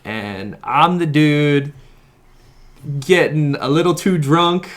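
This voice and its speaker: A young man, a podcast guest, telling a personal story in casual chat, animated and often laughing. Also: on the high side, takes it slowly.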